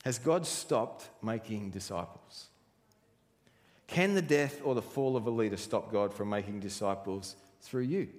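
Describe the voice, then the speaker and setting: A man's voice: on the low side, darkish tone. A man preaching a sermon in a church, earnest and driving his points home with rhetorical questions. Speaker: pastor. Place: church hall. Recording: reverberant church hall.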